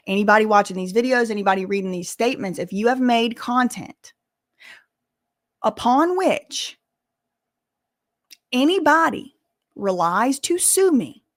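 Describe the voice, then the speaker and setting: Speaking at medium pitch, a young woman runs a casual commentary channel and talks directly to viewers. She comes across as animated and emphatic, using "y'all" and casual slang.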